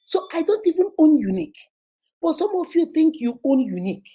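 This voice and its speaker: A Nigerian woman with a high, mellow voice hosts a relaxed advice chat. She talks with lively energy, breaks into laughter often and acts out phone conversations. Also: fairly quick. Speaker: host of an advice session. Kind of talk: casual live advice chat.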